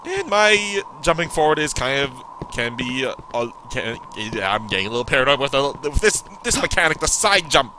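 A man giving chatty gameplay commentary, joking back at the game and yelling in panicked bursts when he is attacked. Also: mid-range voice, very animated, normal speed, slight background noise. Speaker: let's play gamer.

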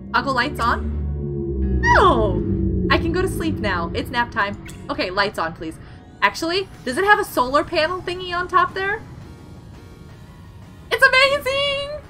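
A young woman streaming gameplay, excitable and giggly as she exclaims over what she finds. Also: high voice. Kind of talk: live gameplay commentary. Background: game music.

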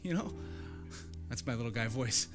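Bright-voiced pastor preaching conversationally. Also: male voice, medium pitch, lively intonation, normal speed, soft background music. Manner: conversational, repeats for emphasis, storytelling. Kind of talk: sermon. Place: church.

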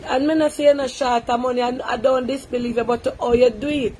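A woman with a Jamaican accent hosting a live call-in stream, talking briskly and coaxing a caller. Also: high voice, steady tone, a little mellow, a little hiss or hum.

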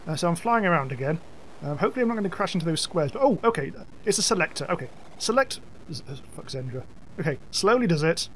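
A man hosting a let's-play, giving excitable gameplay commentary and yelping and swearing at the game. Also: fairly high pitch, a little hiss or hum.

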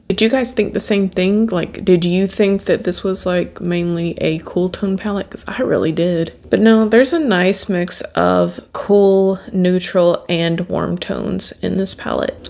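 A woman's voice: mid-range voice, vocal fry, darkish tone. A chatty, upbeat woman walks viewers through a makeup look step by step. She sounds friendly and casual, like a beauty vlogger talking straight to her regulars. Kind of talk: makeup tutorial narration.

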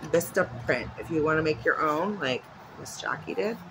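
A woman's voice: sits low, lively intonation, moderate pace, creaky, noisy background. A woman vlogging at home in a casual, chatty way, rambling off into asides. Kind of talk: casual chat. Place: at home with her dog nearby.

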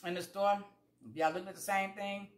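Speaking fairly quickly in a mid-range voice with fairly even intonation, this woman eats and chats casually with her viewers. She spins folksy stories, playing both parts of each conversation, in an echoey room with slight background noise.

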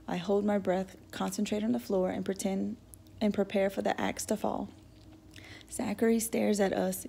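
A woman narrating a novel in the first person with steady, even storytelling. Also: mid-range voice, moderate pace, gravelly. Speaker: audiobook reader.

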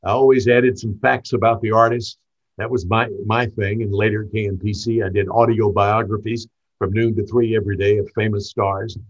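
A man's voice: fairly low pitch, normal speed, muffled recording. Older man with a light Southern accent. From Tennessee. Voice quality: smooth, polished broadcaster delivery. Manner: animated, acts out quoted dialogue. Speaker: interview guest, veteran radio host. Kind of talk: storytelling reminiscence.

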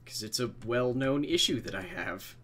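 A man's voice: mid-range voice, expressive, moderate pace, fairly bright tone. Rambling, swearing game streamer guy. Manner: rambling, self-deprecating, swears freely. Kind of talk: casual chat while livestreaming a game.

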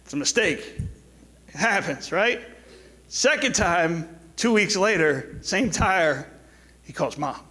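Middle-aged male pastor, church sermon, a bit high-pitched, casual storytelling moving into soft exhortation. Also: animated, husky. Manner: storytelling with quick asides, then soft pleading exhortation. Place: church sanctuary.

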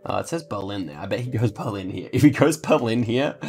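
Gravelly low-voiced man commentating gameplay. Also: animated, quick pace, a little mellow. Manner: thinks aloud, chatty, talks to viewers. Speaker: gaming channel host.

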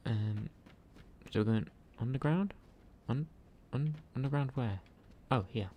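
A male gaming host giving rambling, joking let's play commentary with excitable reactions. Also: mid-range voice, a little slow, slight background noise.

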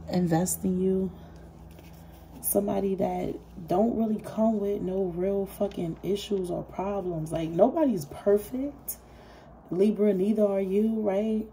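A woman giving a casual tarot reading in a blunt, animated way, swearing freely. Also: on the low side, slight background noise. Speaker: tarot reader.

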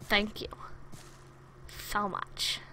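Bright slow-talking woman gamer. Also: slight background noise. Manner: chatty, excitable, talks to the game's monsters. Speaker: gaming video creator. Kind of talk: let's play commentary.

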